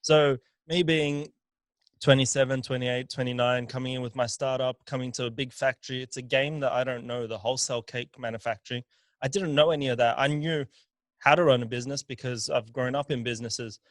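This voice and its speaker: Man, 30s, business owner; conversational storyteller, mid pitch, dry close mic. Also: fairly even intonation, fairly quick, no room sound. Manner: storytelling, repeats words while thinking. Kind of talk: casual podcast chat.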